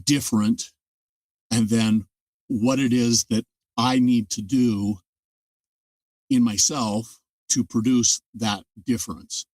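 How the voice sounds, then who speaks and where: A man's voice: mid-range voice, fairly even intonation, slow, pauses often, darkish tone, no echo. An older man, an audiobook narrator, talking through his craft as an interview guest in a thoughtful, explanatory way. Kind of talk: casual interview talk. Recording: dry sound from a distant mic.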